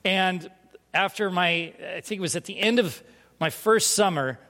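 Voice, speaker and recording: A man preaching a sermon through a lively personal story, self-mocking and laughing often. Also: high voice, moderate pace. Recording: long reverb of a large hall.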